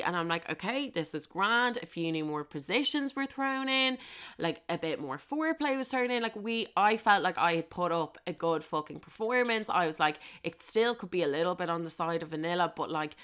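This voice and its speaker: A young woman spins a cheeky, swear-filled tale from her own life, laughing at herself as she goes. Her voice sits fairly low for a woman, and it comes through smooth and clear. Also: animated, a little fast, a bit bright. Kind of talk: frank comic storytelling.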